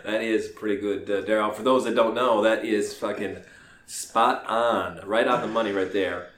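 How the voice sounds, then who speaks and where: A man's voice: fairly low pitch, fairly even intonation, normal speed, a bit bright, roomy sound. A man co-hosting a podcast, chatting casually in a rambling way, with plenty of hesitations and the odd swear. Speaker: podcast co-host. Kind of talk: casual chat.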